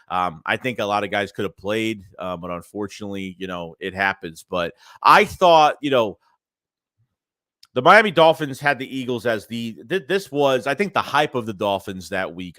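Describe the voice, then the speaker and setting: A man with a stuffy nose hosting a casual sports livestream, rambling and animated as he reads chat messages aloud. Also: lowish voice, dry recording, clean studio sound. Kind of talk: casual live-chat commentary.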